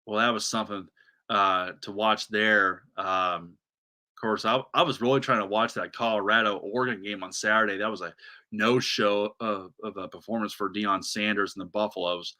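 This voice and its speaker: A man's voice: on the low side, fairly even intonation, moderate pace, bright, forceful tone. A man hosting a solo sports podcast, ranting animatedly with many restarts and asides.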